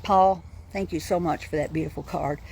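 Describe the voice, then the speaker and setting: A woman's voice: low voice, fairly even intonation, normal speed, gravelly, darkish tone, slight background noise. Blunt, chatty older woman from New York. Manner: chatty and blunt, talking to viewers by name. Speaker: vlogger. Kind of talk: casual home tour vlog. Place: her house and front yard, in and out of doors.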